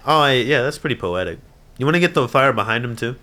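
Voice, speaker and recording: A man giving casual, animated reaction commentary on an anime episode, moving from mumbled asides to loud outbursts and frequent laughter. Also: mid-range voice, fast talker.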